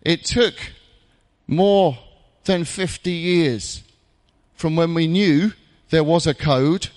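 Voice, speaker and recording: A man preaching a jokey, conversational sermon in a church, with dramatic pauses. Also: on the high side, darkish tone, long reverb tail.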